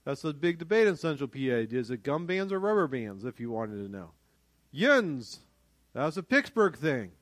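A man with a western Pennsylvania accent preaching a sermon, acting out quoted voices and swinging from loud emphasis down to a low hush. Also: fairly quick, hardly any pauses, no room sound. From northwest Pennsylvania. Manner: animated, acts out quoted voices, rises to loud emphasis then drops low.

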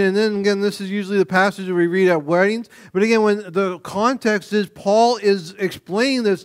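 A man preaching a sermon, animated, swinging between loud emphasis and quiet low asides, acting out the voices of everyday people. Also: fairly quick, hardly any pauses. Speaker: pastor.

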